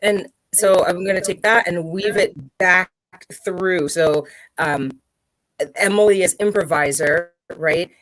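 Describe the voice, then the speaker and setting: A woman hosting a casual chat about improv, conversational and putting on much higher voices for quotes. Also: steady tone, measured pace, a bit bright, no echo, rough recording. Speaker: podcast host.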